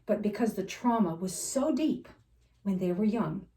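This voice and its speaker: Earnest woman life coach, mellow tone. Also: mid-range voice, animated, a little slow, far from the mic. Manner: earnest storytelling, emotional at times. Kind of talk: faith-based personal talk. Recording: roomy sound, a bit off-mic.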